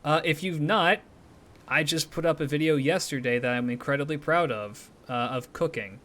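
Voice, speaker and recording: A man's voice: a little high, normal speed, a bit bright. A man streamer talking casually and animatedly to his viewers, swearing freely as he rambles through opinions and sign-offs.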